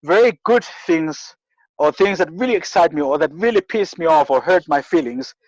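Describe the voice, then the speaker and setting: An earnest interview guest from rural KwaZulu-Natal, South Africa, shares reflective stories, frequently restarting his sentences and repeating words. His slightly high voice is expressive and moderately paced, with no echo and dull audio.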